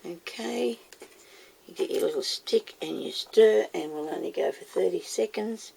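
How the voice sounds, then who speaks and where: A woman's voice: medium pitch, a little slow, creaky, dark tone, husky. A woman chatting casually as she demonstrates making moulds, talking herself through each step and scolding herself by name. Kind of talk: casual how-to video.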